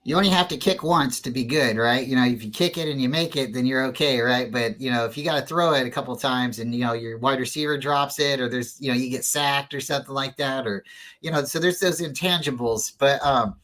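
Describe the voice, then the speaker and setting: A man's voice: mid-range voice, fairly quick, fairly bright tone, rough recording. Earnest, rambling man telling stories. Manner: earnest, rambling, lots of fillers and restarts. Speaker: guest. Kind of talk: casual storytelling interview.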